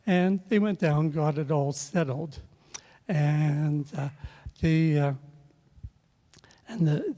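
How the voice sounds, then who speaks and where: Slow older man rambling in a hall. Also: on the high side, mellow. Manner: halting, many filler pauses and restarts. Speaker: speaker sharing a memory at a memorial. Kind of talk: rambling personal anecdote. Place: event room at a memorial service. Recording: long reverb of a large hall.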